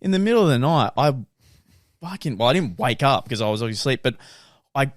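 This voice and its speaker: A young man co-hosts a casual podcast and tells long, animated stories. His voice has a middle pitch that rises and falls widely. The sound is dry and close-miked. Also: fast, no room sound. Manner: animated storyteller. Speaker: podcast co-host. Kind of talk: casual chat.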